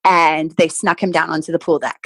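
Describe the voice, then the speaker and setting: A woman in her forties, a former athlete guest, telling stories in a casual interview, animated and laughing often as she acts out what people said. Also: on the low side, husky, dry recording. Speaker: podcast guest, former Olympic swimmer.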